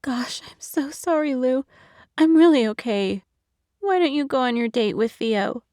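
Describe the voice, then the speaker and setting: A woman's voice: fairly high pitch, expressive, dry recording, clean studio sound, voice pushed up, close to an everyday voice. Woman voicing a tearful heartbroken young woman. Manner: shaky, halting, soft-spoken. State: crying. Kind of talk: audiobook narration.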